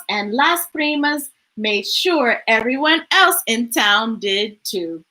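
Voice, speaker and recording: A woman reading a picture book aloud to children, high-pitched and bright. Her sing-song narration rises and falls widely. She takes an unhurried pace. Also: very animated, low-quality recording. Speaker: storytime reader. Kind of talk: children's story read-aloud.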